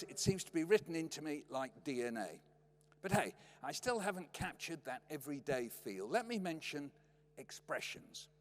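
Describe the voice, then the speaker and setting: An older man giving a storytelling lecture in a wry, anecdotal way, heard in a lecture hall. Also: a little high. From Britain. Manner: wry, anecdotal, lively delivery. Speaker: lecturer, poet. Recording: long hall reverb.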